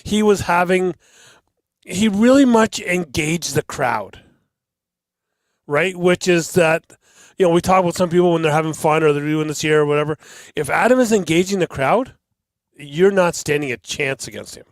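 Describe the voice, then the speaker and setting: A man co-hosting a podcast in casual talk, with a voice pitched a little higher than most men's. He rambles and repeats words as he restarts his sentences. The recording is dry and close. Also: normal speed, no room sound. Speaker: podcast co-host. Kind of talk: casual chat.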